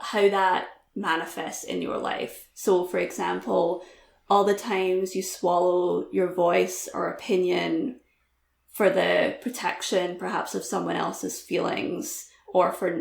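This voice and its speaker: A woman's voice: lowish voice, creaky, echoey room. A woman guest author talking candidly in a podcast interview, laughing easily, with lots of "like" and "um".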